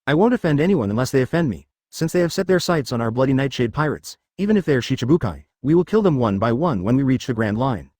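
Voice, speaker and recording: A man voicing a cold, ruthless young male pirate captain in a flat, even reading. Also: medium pitch, fast talker, hardly any pauses, dry recording, studio quality.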